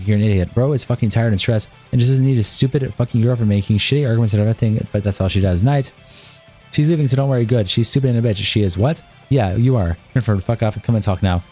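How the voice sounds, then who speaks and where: A man on a live stream, reading a long document of text messages aloud in a rapid, flat run. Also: on the low side.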